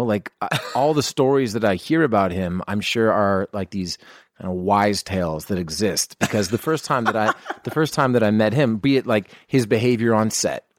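A man chatting casually as a podcast guest, talking about acting work in a relaxed, rambling way and laughing easily. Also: fairly low pitch, no room sound, studio quality. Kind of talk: casual chat.

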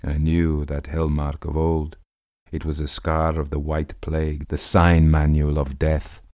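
A man's voice: very deep voice, completely flat delivery, measured pace, mellow, no room sound, clean studio sound. A man giving a dramatic reading of a classic tale, voicing the characters theatrically. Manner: theatrical, voices characters with rising intensity. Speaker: audiobook narrator.

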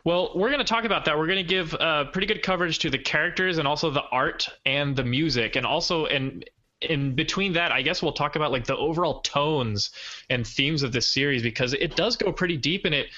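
A man's voice: a little high, brisk, sharp tone, lo-fi sound. A man hosting a podcast in casual chat, hedging with "I guess". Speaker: podcast host.

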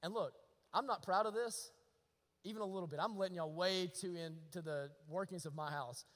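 A preacher in his thirties, his voice unusually high and ringing bright. He delivers a sermon in a large hall with a long reverb, moving between booming emphasis and near-whispers. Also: normal speed. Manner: dynamic, swings from loud to hushed.

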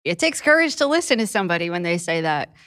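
A woman hosting an interview, asking measured, supportive questions. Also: fairly low pitch, very animated, a bit bright, no room sound, studio quality. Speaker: podcast host.

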